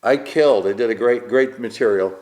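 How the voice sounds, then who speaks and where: A man's voice: mid-range voice, fairly quick. A man, a stand-up comedian telling stories in a casual interview and acting out the voices of the people he quotes. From Queens, New York. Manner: animated storyteller, acts out quoted voices.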